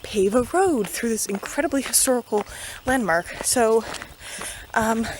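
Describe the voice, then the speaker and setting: A woman's voice: fairly high pitch, animated, measured pace, background noise. A young woman telling a dramatic story in a casual vlog, out of breath as she walks up a hill path. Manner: chatty and dramatic, many fillers. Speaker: vlogger. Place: outdoors on a forest hill path. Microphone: handheld camera.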